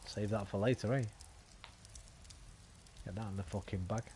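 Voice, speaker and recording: A man's voice: lowish voice, steady tone, normal speed, darkish tone, slight background noise. A young man giving casual, swear-filled commentary while playing a video game and talking back to it. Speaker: game streamer. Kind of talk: casual let's-play commentary.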